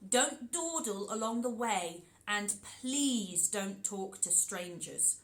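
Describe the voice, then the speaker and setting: A careful mother gives slow, deliberate warnings, as a woman storyteller puts her on. The voice stays close to the teller's own. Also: mid-range voice, animated. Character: cautious, stern mother.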